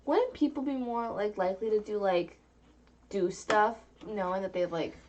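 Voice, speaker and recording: A woman's voice: mid-range voice, normal speed, a little mellow, dull audio. A young woman co-hosting a casual gaming podcast, blunt and teasing. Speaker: podcast co-host. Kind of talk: casual chat.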